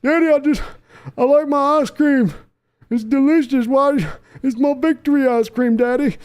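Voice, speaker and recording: A man's voice: very high voice, normal speed, darkish tone, voice pushed up. A man voicing a meek grown son and team manager who whines and pleads with his father. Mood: whiny. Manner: whiny, pleading, childish.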